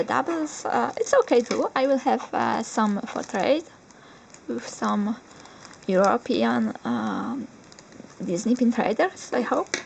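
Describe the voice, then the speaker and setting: A young woman, not a native English speaker, unboxing collectibles on camera, excitable and giggly, squealing with joy now and then. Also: a little high, creaky, slight background noise, poor audio. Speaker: vlogger. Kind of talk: unboxing vlog.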